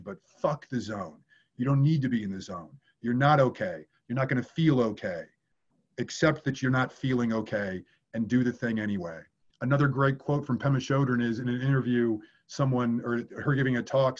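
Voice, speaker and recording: A man's voice: mid-range voice, lo-fi sound. A man working as an acting coach, answering viewer questions in a candid way and swearing casually.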